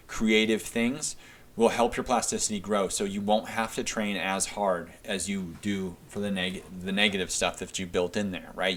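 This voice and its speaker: Earnest low-voiced man coaching. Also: fairly bright tone. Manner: earnest, coaching tone, keeps asking "right?"; repetitive, emphatic phrasing. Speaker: podcast host. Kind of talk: solo podcast monologue.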